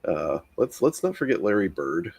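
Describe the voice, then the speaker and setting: Low, husky man, close and dry. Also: very animated, a little mellow, dry recording. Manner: agreeable, easygoing, quick interjections. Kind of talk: casual chat.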